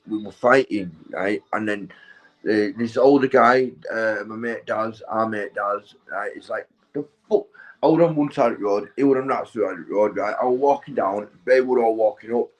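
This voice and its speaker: A man's voice: fairly low pitch, low-quality recording. A young man, stoned and rambling through a sweary, casual story, checking in with his listener all the time. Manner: sweary, keeps tagging "right?" and "mate". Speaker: vlogger.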